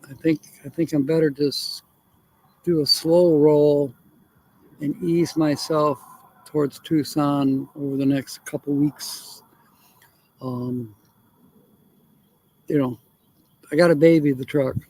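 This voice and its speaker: A man's voice: fairly high pitch, fairly even intonation, slow, pauses often, darkish tone. A man hosting a casual RV-life livestream, rambling and chuckling as he answers viewer comments. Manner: rambling, chuckling often, thinking aloud. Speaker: RV livestream host.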